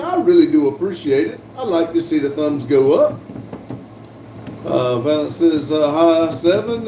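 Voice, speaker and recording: A man's voice: a little high, animated, unhurried, gravelly. Older man reading chat aloud. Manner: reads chat aloud with frequent fillers and restarts. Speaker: livestream host reading viewer chat. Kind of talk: casual live-stream chat. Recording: echoey room, voice from a distance, faint hum.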